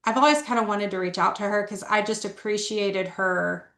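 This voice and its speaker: A woman's voice: mid-range voice, steady tone, moderate pace, a bit bright, roomy sound. A middle-aged woman telling her story candidly as a podcast guest, talking earnestly with a lot of "like" fillers. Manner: earnest, conversational, frequent "like" fillers.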